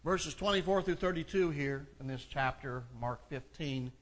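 A man's voice: fairly high pitch, normal speed, hardly any pauses. A man preaching a sermon, reading scripture aloud and then explaining it in an earnest delivery that builds in intensity. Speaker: pastor.

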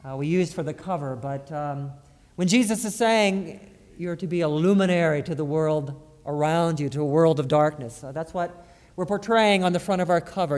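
High-voiced pastor preaching in reverb. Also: male voice, a little mellow. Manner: halting, repeats words, rises to emphatic stress. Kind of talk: sermon. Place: church sanctuary.

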